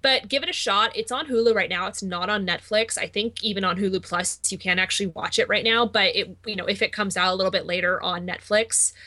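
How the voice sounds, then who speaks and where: A woman's voice: medium pitch, brisk, hardly any pauses, pushed and bright. A woman on a podcast chatting casually and enthusiastically, often repeating words. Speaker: podcast co-host. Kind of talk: casual chat.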